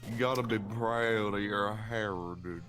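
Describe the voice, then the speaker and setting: A man with a fairly low voice trades dry, teasing banter while co-hosting a game playthrough. Clear music plays behind him. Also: fairly even intonation, a little slow. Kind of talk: casual gaming commentary.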